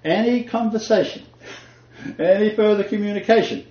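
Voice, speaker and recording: A man's voice: sits high, moderate pace. An older man giving an emphatic, conversational faith talk, chuckling now and then and quoting scripture. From Australia. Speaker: Christian teacher. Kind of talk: conversational sermon-style talk. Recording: echoey room, dull lo-fi sound.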